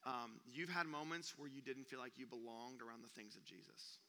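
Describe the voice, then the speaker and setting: A young man preaching, an animated storyteller who acts out gasps and sounds during a comic story, speaking in a church auditorium. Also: medium pitch, a little fast. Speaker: youth pastor. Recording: long reverb of a church hall.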